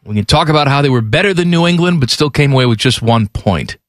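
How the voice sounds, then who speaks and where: A man's voice: medium pitch, animated, fast talker, dry recording, clean studio sound, soft background music. A man co-hosting a sports radio show, reading promos and grumbling sarcastically. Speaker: radio co-host.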